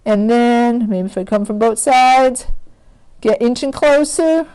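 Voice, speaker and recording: A woman's voice: fairly high pitch, slow pace, warm tone, clean tone. A woman teaching a math lesson, chatty and self-correcting as she thinks aloud while working. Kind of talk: recorded screen lesson.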